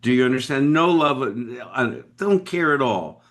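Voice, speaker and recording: Male guest, from Boston, animated emphatic storyteller, mid-pitched voice. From Boston, United States. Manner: emphatic, dramatic pauses, talks straight to the listener. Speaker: podcast guest, business leader.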